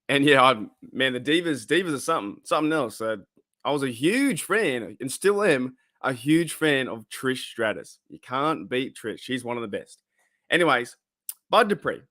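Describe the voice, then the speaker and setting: A man's voice: medium pitch, bright, forceful tone, dry recording, clean studio sound. Australian man chatting casually on a live stream. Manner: rambling, greets chat viewers, frequent fillers. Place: his room at home.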